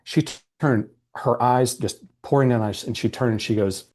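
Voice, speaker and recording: A man who works as a coach, a podcast guest telling an emotional story in an animated, earnest way. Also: mid-range voice, normal speed. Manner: animated, acts out quoted dialogue. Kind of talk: storytelling in a conversational interview.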